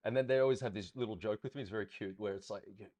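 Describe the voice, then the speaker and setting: Man, dance teacher, low voice, dry sound, rambling and chatty, counts beats aloud. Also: rapid-fire, a little mellow, no room sound. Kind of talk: casual teaching Q&A.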